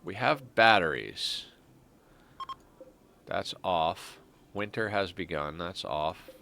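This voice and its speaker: A man with a low, bright voice talks through a strategy game on stream. He thinks aloud, trailing off and restarting his sentences as he weighs each decision. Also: expressive, slow, gravelly, slight background noise. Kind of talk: casual gameplay commentary.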